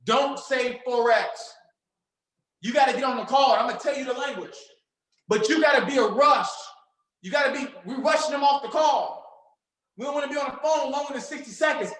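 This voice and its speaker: A man running a loud, hyped sales training seminar for his team, preaching and acting out phone calls. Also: very high voice, brisk, echoey room, low-quality recording. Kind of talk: hyped motivational seminar talk.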